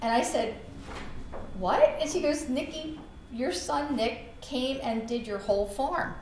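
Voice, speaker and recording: A middle-aged woman, a podcast host and realtor, telling a story in an animated, laughing way. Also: high voice, measured pace. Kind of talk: storytelling in casual chat. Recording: echoey room with faint background noise.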